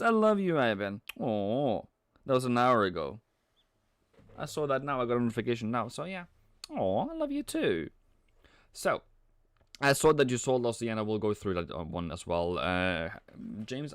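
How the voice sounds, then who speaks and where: A man hosting a live trading stream, talking casually and playfully as he answers chat with frequent halting restarts. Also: lowish voice, smooth, dry recording, studio quality. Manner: chuckles often, halting restarts. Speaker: trading livestream host. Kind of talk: casual live market commentary.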